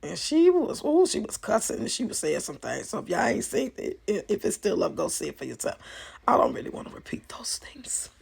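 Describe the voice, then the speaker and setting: A woman vlogger talking casually to her viewers, chatty and animated, swearing freely and laughing often. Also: medium pitch, fairly quick, vocal fry, hardly any pauses, breathy edge. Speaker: YouTube vlogger. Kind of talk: casual commentary vlog.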